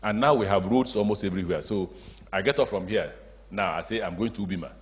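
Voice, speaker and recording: A man's voice: lowish voice, quick pace. A man with a Nigerian accent giving a public speech as a state governor, telling stories and acting out the dialogue. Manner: storytelling, acts out dialogue, animated asides. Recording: long hall reverb.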